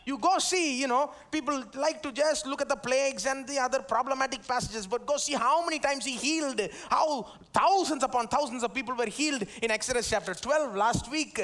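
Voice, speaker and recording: A man's voice: very high voice, fairly quick, hardly any pauses, a bit bright. A man with an Indian English accent preaching a live church sermon in a conversational way, asking the congregation to repeat phrases after him. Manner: conversational, tag questions, call-and-response with the congregation. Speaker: pastor. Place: church service.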